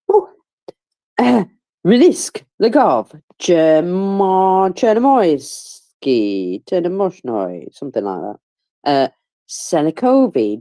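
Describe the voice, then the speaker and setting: A woman with a low voice that swings widely in pitch, talking through a war update in a loose, chatty way. She sounds tired and keeps stifling yawns, yet stays wry and pokes fun at herself between fillers and asides. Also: mellow. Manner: wry, self-mocking humor. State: tired, yawning. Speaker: war commentator. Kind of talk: casual live audio-room commentary.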